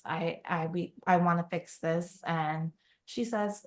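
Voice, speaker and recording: A woman with a fairly low voice recaps a romance novel for her podcast co-host. She talks casually and animatedly, slipping into the characters' voices for quoted lines. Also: steady tone, measured pace, darkish tone. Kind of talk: casual book recap chat.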